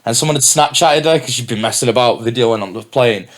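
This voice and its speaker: A man's voice: mid-range voice, fast talker. A young man, a DJ and MC guest on a podcast, talking candidly and swearing in casual chat. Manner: candid, sweary, laid-back.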